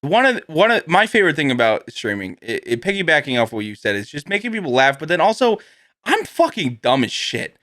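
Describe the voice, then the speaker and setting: Young man, podcast host, high animated voice, goofy banter, dry close mic. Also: brisk, no room sound. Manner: goofy, putting on silly old-man voices, laughs a lot. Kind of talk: casual comedic chat.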